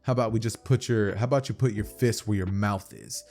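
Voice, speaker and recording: Garou, a man doing a calm blunt martial artist. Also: fairly low pitch, a little fast, soft background music, lightly acted.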